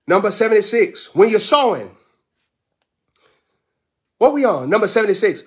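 Male preacher, slightly high voice, rhythmic repeating lists, shouts and hushed asides. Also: big pitch swings. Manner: swings from shouted declarations to low, quick asides; repeats phrases, lists words in cadence. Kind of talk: sermon.

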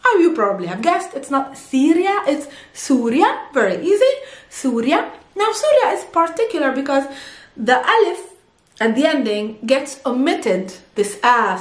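A woman from Palestine whose first language is Arabic, teaching in a lively, rising and falling voice that sits a little high. She explains patiently and slows down to repeat each word for pronunciation. The room around her is echoey. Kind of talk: video language lesson.

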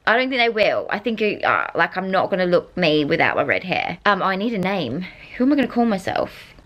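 A woman's voice: on the low side, sing-song, brisk, a bit bright. Bubbly Australian woman vlogging. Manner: bubbly, chatty, giggly asides. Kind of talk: casual vlog chat. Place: indoors, small room.

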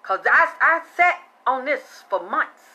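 A woman's voice: high-pitched, expressive, slow pace, pushed and bright, low-quality recording. A woman hosting a casual live-streamed psychic reading, chatting bluntly, swearing freely and thanking viewers by name.

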